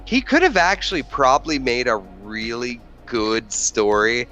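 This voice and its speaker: A man's voice: medium pitch, big pitch swings, unhurried, sharp tone, faint music behind. A man arguing his side in a heated podcast debate, insistent and listing his points, often restarting words. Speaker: podcast guest.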